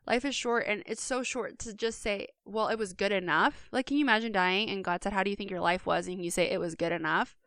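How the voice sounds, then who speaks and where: A woman's voice: mid-range voice, brisk, hardly any pauses, a bit bright, dry recording, studio quality. A woman co-hosting a podcast, talking earnestly and speaking straight to listeners in a casual monologue. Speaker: podcast co-host.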